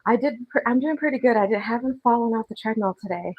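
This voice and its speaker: A woman's voice: on the high side, fast talker, slightly rough, dull audio. A woman chatting on a livestream as she walks on a treadmill, reading and answering the live chat, a little out of breath. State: slightly out of breath from walking. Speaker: fitness vlogger. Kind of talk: casual livestream chat while walking on a treadmill. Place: home, on a walking treadmill.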